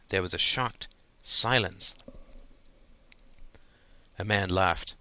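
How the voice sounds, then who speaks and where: A man's voice: lowish voice, fairly even intonation, unhurried, long pauses, pushed and bright, dry recording. A man reading a novel aloud as narrator, lightly shifting his voice for the characters, with a few slips and restarts. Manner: reads dialogue with small shifts, some slips and restarts. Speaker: audiobook narrator.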